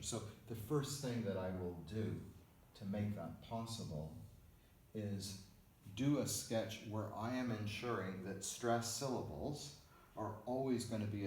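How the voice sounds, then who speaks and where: Deep-voiced man lecturing in an echoey room. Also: darkish tone. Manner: patient, explanatory, measured. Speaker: music theory lecturer. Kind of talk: recorded lecture. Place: room with a board. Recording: echoey room, faint background hiss.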